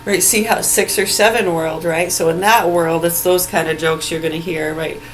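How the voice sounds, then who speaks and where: A woman's voice: fairly low pitch, steady tone, normal speed, slight background noise, poor audio. A woman ranting into her phone in an angry, profane and sarcastic way, mocking people with bursts of laughter. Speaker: vlogger. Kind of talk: ranting vlog monologue. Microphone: phone video recording.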